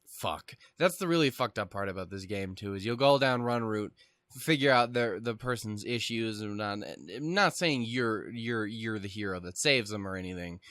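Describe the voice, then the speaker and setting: A man's voice: fairly low pitch, moderate pace, a bit bright, dry recording. Rambling, cursing man reading a game. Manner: rambling, profane, self-mocking. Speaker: let's play host. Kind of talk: reading a visual novel aloud with commentary.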